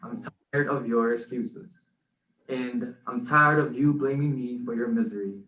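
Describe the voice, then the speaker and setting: A man's voice: mid-range voice, steady tone, measured pace, pushed and bright, distant mic, dull audio. A man co-hosting a podcast who recites his own spoken word poem in an earnest, rhythmic way. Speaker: co-host and spoken word poet. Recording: echoey room, off-mic.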